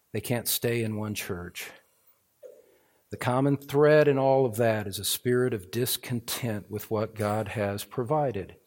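Middle-aged male pastor, sermon delivery, mid-pitched voice, swings from measured teaching to fervent emphasis. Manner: builds from calm teaching to fervent, loud emphasis.

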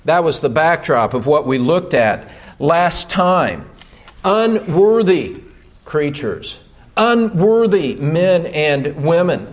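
High-voiced, slow, emphatic male preacher. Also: sing-song. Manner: emphatic, builds to loud rhetorical questions. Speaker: pastor. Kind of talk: sermon. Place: church pulpit.

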